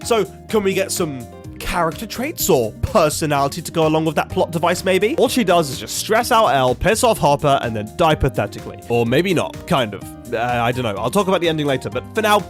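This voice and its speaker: A man's voice: fairly high pitch, big pitch swings, a little fast, soft background music. A young man reviewing a TV finale in a sarcastic, swearing rant. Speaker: YouTube reviewer. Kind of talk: ranting TV review commentary.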